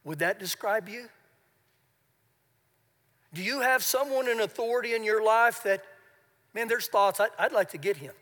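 A man preaching live in a church hall, his voice very high for a man and ringing with long reverb. He swings from shouting to hushed, confiding retellings of scripture. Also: moderate pace, long pauses. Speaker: pastor. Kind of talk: sermon. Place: church sanctuary.

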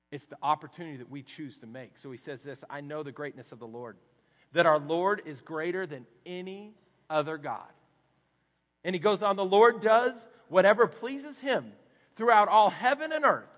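A man with a Texan accent preaching a sermon, swinging from hushed, low passages up to loud, emphatic ones. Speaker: pastor. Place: church sanctuary. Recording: long hall reverb.

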